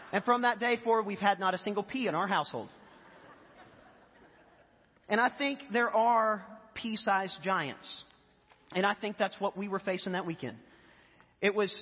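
A man's voice: high-pitched, breathy edge. A man who is a pastor, giving a sermon in a loose, conversational storytelling way with fillers. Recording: echoey hall, dull lo-fi sound.

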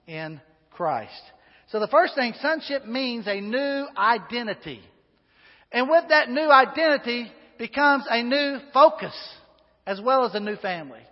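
High-voiced folksy preacher. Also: male voice. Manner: folksy, chatty with asides and filler. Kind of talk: sermon. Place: church sanctuary. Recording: dull sound with long hall reverb.

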